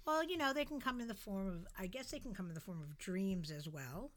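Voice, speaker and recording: A middle-aged woman telling a story in a casual podcast chat, animated and dramatic. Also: medium pitch, a little fast, over a noisy crowd.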